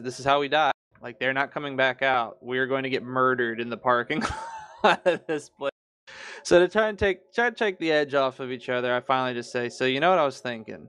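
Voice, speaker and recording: A man on a casual podcast chat, telling a story in an animated, profane way. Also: medium pitch, clear, resonant tone. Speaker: podcast co-host.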